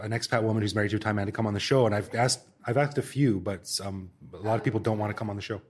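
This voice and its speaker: A man's voice: lowish voice, rapid-fire. A man hosting a podcast panel, telling a story in a rambling way with many restarts. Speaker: podcast host. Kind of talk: casual panel chat. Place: Bangkok.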